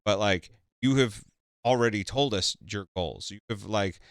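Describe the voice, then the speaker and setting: A man interviewing a guest in casual chat, halting and full of fillers as he praises. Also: on the low side, clean tone, no room sound, clean studio sound.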